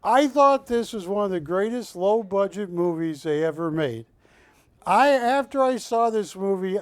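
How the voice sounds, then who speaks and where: A high-pitched man works a live shopping-channel auction, chatty and jokey as he calls out bids and counts them down. He talks at an unhurried pace, and the studio sound is close and dry. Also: dry recording. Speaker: auction host.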